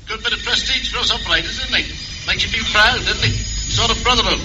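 A chatty radio ham. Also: male voice, high-pitched, quick pace. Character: friendly neighbourly male radio ham. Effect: radio transmission. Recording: muffled old TV audio with music.

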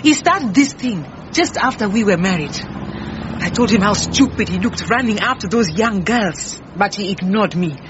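Actress as a defensive, brusque head cook, slightly muffled radio-drama sound. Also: female voice, mid-range voice, lively intonation, normal speed, noisy background, close to an everyday voice. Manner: brusque, indignant.

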